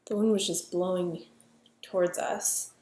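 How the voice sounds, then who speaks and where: A middle-aged woman telling a personal story in a halting, reflective way. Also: on the low side, steady tone, mellow. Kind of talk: personal narrative. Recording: echoey room with faint ambient noise.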